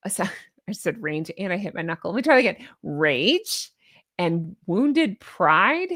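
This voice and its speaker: A middle-aged woman hosting a casual chat, reading online posts aloud and reacting with sarcastic asides and animated remarks. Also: on the low side, a little slow. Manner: chatty, animated, sarcastic asides and little sung bits.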